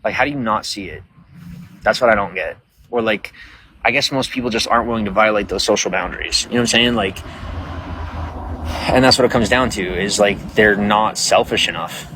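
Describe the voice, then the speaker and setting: A man's voice: lowish voice, brisk, long pauses, bright, forceful tone, a little hiss or hum. A man chatting casually on a livestream, rambling with lots of fillers, outdoors at night. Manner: rambling, talks to viewers, many fillers. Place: outdoors at night, bugs around.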